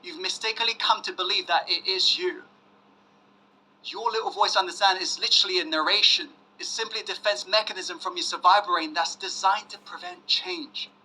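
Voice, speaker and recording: Emphatic bright-voiced man coaching an audience. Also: sits high, normal speed, low-quality recording. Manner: emphatic, asks audience to say yes, swings loud and hushed. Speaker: self-help coach. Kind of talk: motivational webinar talk.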